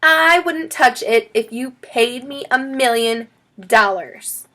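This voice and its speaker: A prissy young schoolgirl whines in a high, sing-song voice that swoops up and down as she complains. A woman puts her on while reading a children's storybook aloud. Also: expressive, takes it slowly, bright, forceful tone, full character voice. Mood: whiny. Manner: complaining, squealing.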